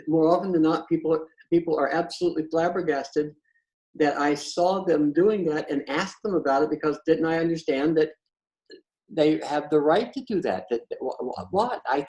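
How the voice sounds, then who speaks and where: A man's voice: fairly high pitch, darkish tone, poor audio. A man talking in a casual, conversational storytelling style, blunt and profane, often stammering and restarting his sentences. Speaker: patio chat host.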